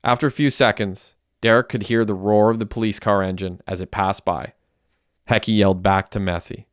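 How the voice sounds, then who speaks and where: A man reads a crime audiobook in a steady, plain storytelling manner. His voice sits low, smooth and resonant, and the recording is dry and close, with no room around it. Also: normal speed, no room sound. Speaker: narrator. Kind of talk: audiobook narration.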